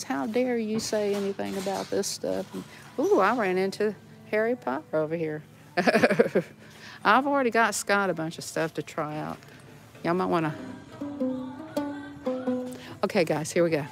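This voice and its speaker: A woman's voice: mid-range voice, gravelly. A woman with a Southern accent, chatting and laughing with her viewers as she browses a store in a casual vlog. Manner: chatty, giggly, talks to viewers while browsing. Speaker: vlogger. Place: inside a large discount store.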